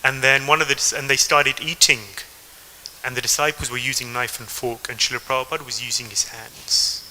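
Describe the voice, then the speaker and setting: A man's voice: medium pitch, flat delivery, brisk, bright, forceful tone, a little hiss or hum, rough recording. A man from England with an English accent, giving a devotional talk and telling stories to the audience. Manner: storytelling, addresses the audience directly. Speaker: temple speaker.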